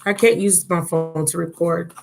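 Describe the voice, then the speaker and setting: A woman's voice: on the low side, steady tone, normal speed, vocal fry, darkish tone, low-quality recording. Woman, tarot reader, chatty, affectionate, drowsy, laptop mic, faint background noise. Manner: chatty, affectionate, talks to viewers. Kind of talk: casual live-stream tarot reading. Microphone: laptop microphone.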